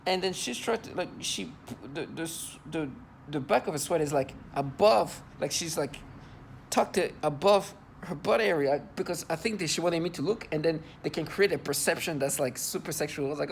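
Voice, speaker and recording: An adult man talks to camera in an indignant, disgusted monologue, his voice on the high side and expressive, with slight background noise. The vlogger's speech is halting as he repeats and restarts words.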